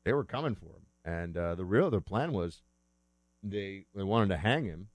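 A man's voice: low-pitched, animated, moderate pace, dry recording. A man talking casually as a host, rambling and correcting himself as he goes, with the odd chuckle. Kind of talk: casual monologue.

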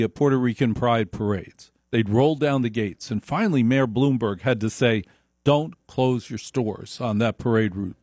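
A man's voice: mid-range voice, a little mellow, no echo, clean studio sound. A man giving an opinionated storytelling monologue, emphatic and repeating points for stress. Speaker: speaker.

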